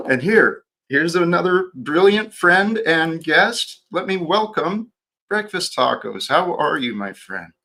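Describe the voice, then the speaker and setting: A man hosting his own livestream, talking in a slow, reflective way with frequent restarts. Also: a little high, sing-song, creaky, sharp tone. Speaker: livestream host. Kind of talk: casual livestream chat.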